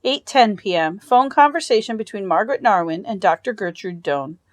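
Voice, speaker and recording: A woman's voice: medium pitch, lively intonation, moderate pace, no room sound. Woman reading a novel aloud, dry sound. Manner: announces each speaker's name before their line. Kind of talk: read-aloud narration.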